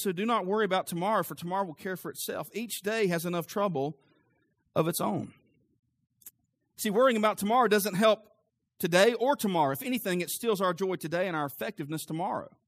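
A male pastor preaching a sermon with an emphatic, rising cadence, then leading a quieter prayer. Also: high-pitched, dry recording.

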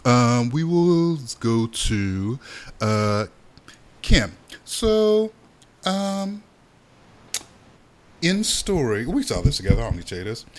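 A man co-hosting a podcast, chatting casually about a soap opera, animated and swearing freely as he acts out the characters' lines. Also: medium pitch, clear, resonant tone. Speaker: podcast co-host.

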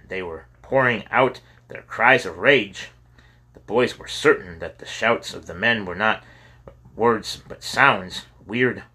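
A man reading a children's adventure story aloud as narrator, steady with occasional stumbles over words. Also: fairly low pitch, slightly rough. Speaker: audiobook narrator.

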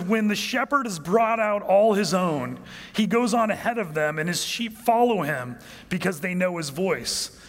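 A male pastor with a notably high voice, preaching a sermon that moves between lively storytelling and hushed, low emphasis. His voice rings out with the long reverb of a large hall.

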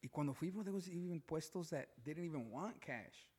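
A man's voice: fairly high pitch, breathy edge. A young Mexican American man from Chicago co-hosting a casual podcast, talking animatedly and mixing English and Spanish. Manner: fast and animated, mixing English and Spanish, says bro a lot. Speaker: podcast co-host. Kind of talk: casual chat.

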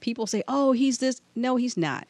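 A woman's voice: fairly high pitch, lively intonation, normal speed, darkish tone, dry recording. A woman from Detroit co-hosting a talk show, firm and outspoken in casual chat.

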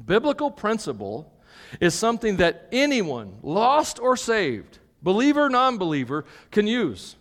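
A man's voice: sits high, wildly swooping pitch, a little slow, fairly bright tone. A man preaching a live sermon to a congregation, emphatic, tagging his points with "okay?" and joking asides. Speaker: pastor. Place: church hall with an audience. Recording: long reverb of a church hall.

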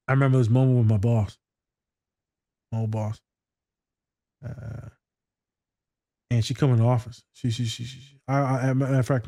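A man in casual conversation, talking bluntly and swearing freely as he tells stories. His voice is mellow and dark in tone, in a dry, close recording with no room echo. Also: mid-range voice. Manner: blunt, profane, storytelling. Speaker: therapist reacting to a TV scene. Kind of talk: casual reaction chat.

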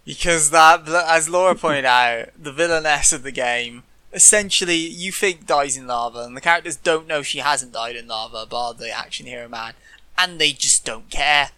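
Bright, dry-toned sardonic man. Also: fairly high pitch, normal speed, no room sound. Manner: sardonic, mock-dramatic quoting. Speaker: podcast co-host. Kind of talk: casual review chat.

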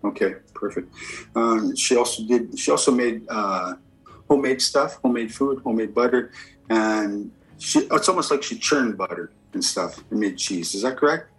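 A man's voice: lowish voice, lively intonation, moderate pace, breathy edge, faint music behind, poor audio. A man working as a medium and giving a spirit reading. He asks a string of short yes-or-no questions and answers each reply with "okay, perfect.".

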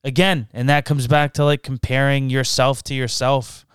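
A man's voice: medium pitch, level tone, normal speed, clear, resonant tone, no room sound, studio quality. A young man co-hosting a podcast in casual, profane chat, laughing often. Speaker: podcast co-host.

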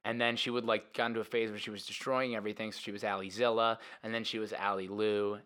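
Man, bright tone, loose rambling podcast guest. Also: fairly low pitch, flat delivery, quick pace, few pauses. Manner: rambling storyteller, swears, puts on voices for quotes. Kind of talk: casual chat.

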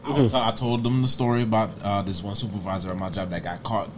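A man's voice: on the low side, little pitch movement, fast talker, noisy background. A man on a casual podcast, telling a rambling story about his workplace. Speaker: podcast co-host.

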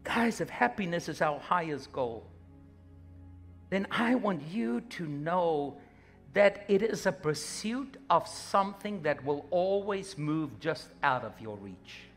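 A man with a high voice preaches a lively, humorous sermon. He acts out little scenes in passing, with faint music underneath. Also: takes it slowly. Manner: animated, humorous preaching with acted-out asides. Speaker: pastor.

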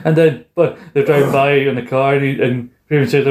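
Young man, mid-pitch, animated storyteller, recorded in an echoey room. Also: brisk. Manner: animated, swearing, laughing often, acts out lines. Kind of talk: casual chat recapping a film.

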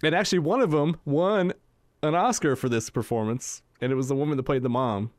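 A man's voice: a little high, fairly quick, no echo, studio quality. A man co-hosting a podcast in casual chat, laughing often between his remarks. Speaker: podcast co-host.

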